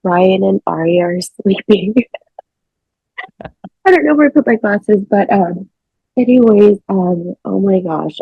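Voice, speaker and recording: Woman guest, husky and low, excitable storyteller who swears casually; dry, muffled call audio. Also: dry recording.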